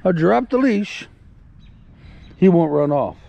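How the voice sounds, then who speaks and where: Walking his puppy outside, a man records a relaxed vlog in a high, animated voice that is slow, creaky and mellow. His talk to the camera rambles and repeats, with soothing words for the dog.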